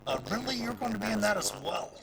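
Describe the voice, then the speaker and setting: A man running a live tabletop game as dungeon master, halting and full of fillers. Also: high-pitched, very animated, vocal fry, crowd noise.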